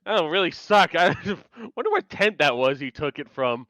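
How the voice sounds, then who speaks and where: A man's voice: fairly high pitch, sing-song, normal speed, a bit bright, no echo. A young man co-hosting a casual recap chat, bantering, laughing a lot and repeating himself. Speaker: podcast co-host.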